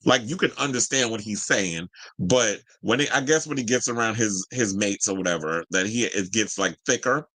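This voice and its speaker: Male host for a gossip show, sassy and chatty, with a lowish voice, recorded close and dry. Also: normal speed, a bit bright, dry recording, low-quality recording. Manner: sassy and chatty, says "child" and "y'all". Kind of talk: casual celebrity gossip commentary.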